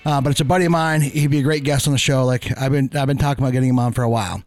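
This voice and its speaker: A man's voice: mid-range voice, rapid-fire, dry recording, clean studio sound, soft background music. A man co-hosting a podcast, telling a story in casual banter, swearing freely and acting out what people said. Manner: profane, animated, acts out quoted exchanges. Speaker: podcast co-host.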